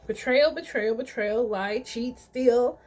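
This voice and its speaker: Sassy cursing woman doing a tarot reading, kinda high voice, quiet music in the back. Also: slow. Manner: blunt, profane, sassy. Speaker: tarot reader. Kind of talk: casual spoken tarot reading.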